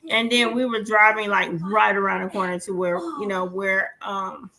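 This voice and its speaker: A woman's voice: mid-range voice, fairly even intonation, moderate pace, pushed and bright. A woman in her forties, a podcast co-host, telling stories animatedly and swearing freely as she acts out the dialogue. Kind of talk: casual storytelling chat.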